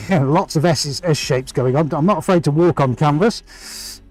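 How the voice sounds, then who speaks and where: A man's voice: fairly high pitch, normal speed, a little mellow, dry recording, faint music behind, rough recording. A man hosting a live painting stream, chatting energetically and greeting viewers by name. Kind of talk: casual live-stream chat while painting.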